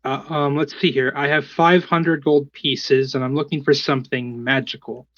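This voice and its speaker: A man's voice: mid-range voice, fairly even intonation, moderate pace, a bit bright, no echo, muffled recording, close to an everyday voice. A man voicing his druid character, speaking formally and apologetically to a shopkeeper. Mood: polite. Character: polite druid adventurer, a man.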